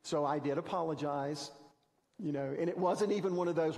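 Pastor with a higher voice, church reverb. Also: male voice, expressive, moderate pace, vocal fry, darkish tone. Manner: conversational storytelling with self-deprecating humor. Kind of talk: sermon. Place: church sanctuary.

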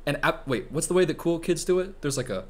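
A man's voice: on the high side, expressive, fast talker. A man hosting a comedic reaction video, rambling with jokey asides over faint background music.

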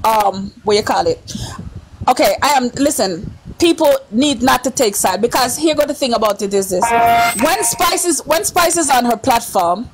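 A woman's voice: fairly high pitch, expressive, moderate pace, over music. A woman in casual live-stream chat, talking earnestly and lecturing, repeating her points.

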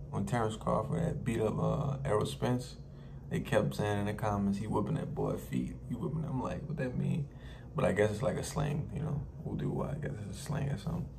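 A man's voice: on the low side, animated, fairly quick, creaky, background noise. A man from New Orleans hosting a music reaction, chatting casually to viewers and repeating lines he likes.

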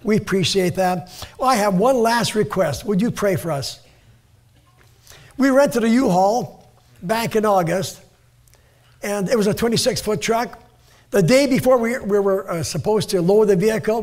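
An older man, a pastor, preaching a sermon in a church and reading scripture slowly and earnestly. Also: high voice, darkish tone. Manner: earnest, repeats words, reads scripture slowly. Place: church sanctuary.

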